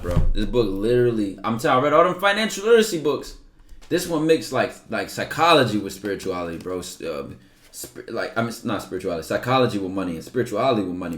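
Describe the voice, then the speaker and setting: A man's voice: lowish voice, a bit bright. A young man livestreaming, talking casually and emphatically, with lots of profanity, and sometimes reading aloud from a book.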